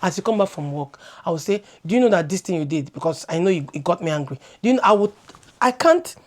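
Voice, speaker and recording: A woman's voice: on the low side, big pitch swings, fast talker. A woman in her thirties with a Nigerian accent, co-hosting a casual chat and sharing her views animatedly, slipping into Pidgin and repeating words as she goes. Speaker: co-host.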